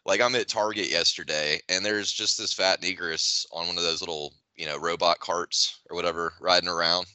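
A man with a very deep voice that still has a sharp, bright edge. He trades quick, offhand remarks and laughs often. The recording is dry and close. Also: fairly even intonation, smooth, no room sound. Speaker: podcast co-host. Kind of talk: casual crude chat.

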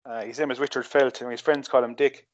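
A man's voice: mid-range voice, fairly even intonation, quick pace, muffled recording. A man running a podcast quiz in a mock-indignant, hesitant way. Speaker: podcast co-host and quizmaster. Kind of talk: casual banter.

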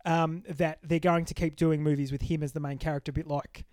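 High-voiced, blunt, swearing podcast man. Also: level tone, fairly quick, a little mellow, no room sound, clean studio sound. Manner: blunt, swears freely, sarcastic rants. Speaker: podcast co-host. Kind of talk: casual movie-review chat.

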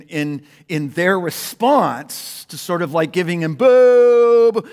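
A male pastor delivers a sermon in a high, lively voice. He swings between loud, excited exclamations and quiet, hushed asides. A long reverb trails his words through the hall.

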